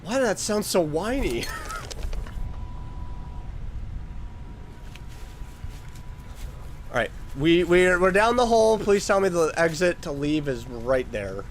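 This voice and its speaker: High-pitched and expressive, this let's-play host speaks at a moderate pace with hardly any pauses, over a faint hiss or hum. He narrates a horror video game as he plays, chatting with characters and yelping at the scares.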